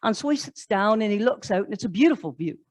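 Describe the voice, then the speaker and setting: A woman's voice: medium pitch, animated, fast talker, a little mellow, dry recording, low-quality recording. A woman pastor, preaching a sermon in a conversational way, telling stories and asking rhetorical questions. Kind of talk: sermon storytelling. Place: church.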